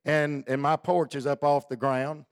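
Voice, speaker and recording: A male preacher with a somewhat raised pitch tells homespun stories from the pulpit. He talks in a plain, colloquial way and swells into fervent, near-shouted appeals. The sound is close and dry, with no room around it. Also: little pitch movement, measured pace, clean tone, no echo. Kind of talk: folksy storytelling sermon.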